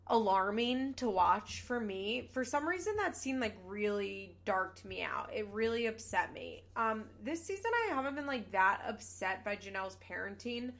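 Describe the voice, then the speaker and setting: A woman's voice: medium pitch, a bit bright. A young woman casually recapping a reality show, chatty and candid, with lots of "like" and the odd swear.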